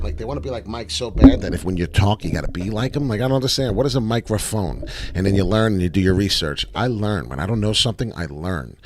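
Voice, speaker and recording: A man's voice: lowish voice, background noise. A man giving casual, brash live commentary on price charts, rambling and swearing freely. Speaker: crypto chart analyst streamer.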